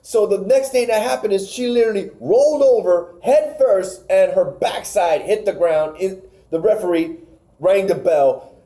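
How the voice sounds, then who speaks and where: A man's voice: sits high, moderate pace, mellow. A man co-hosting a podcast, casually recapping wrestling matches, rambling and stumbling over names. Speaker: podcast co-host.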